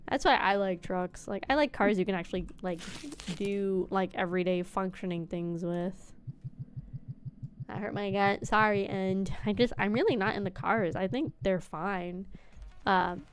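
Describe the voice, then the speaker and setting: A woman's voice: medium pitch, measured pace, slight background noise. A woman VTuber streamer chatting casually while playing, rambling with lots of fillers, laughing often and swearing.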